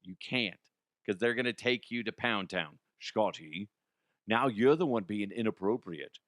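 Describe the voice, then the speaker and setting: A man's voice: lowish voice, normal speed, a bit bright, no echo, clean studio sound. A man hosting a comedic sports news show, blunt and crude in his jokes. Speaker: host.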